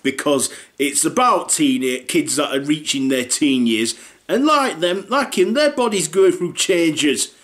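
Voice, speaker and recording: Northern english bloke rambling on in a comedy bit, bit higher voice than most, blunt and sweary. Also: male voice, big pitch swings, a little slow, a bit bright. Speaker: comedy character host. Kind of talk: comedic character monologue.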